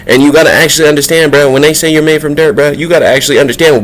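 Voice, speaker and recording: A man talking casually to camera in a spiritual vlog, slangy and profane, his voice jumping up high whenever he gets worked up. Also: racing, hardly any pauses, a little hiss or hum. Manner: excitable, slangy and profane, voice leaping up when worked up. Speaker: vlog host.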